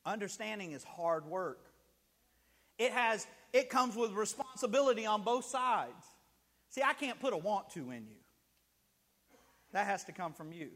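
High-voiced preacher in a reverberant hall. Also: male voice, sing-song, unhurried, long pauses, a bit bright, slight background noise. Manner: storytelling preacher, acts out scenes with rising emotion. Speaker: pastor. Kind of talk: sermon. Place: church sanctuary.

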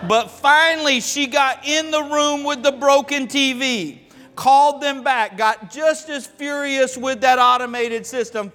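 High-voiced Southern preacher in a reverberant church. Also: male voice. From Florida, American South. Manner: folksy, humorous, animated storytelling. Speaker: pastor. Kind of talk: sermon with storytelling. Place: church sanctuary. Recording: long hall reverb with faint music.

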